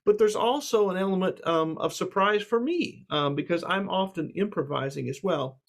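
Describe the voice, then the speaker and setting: A man's voice: high voice, moderate pace, creaky. A man giving a casual music lecture, reassuring and full of fillers, with guitar playing between his talk. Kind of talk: relaxed spoken lecture with instrument demos.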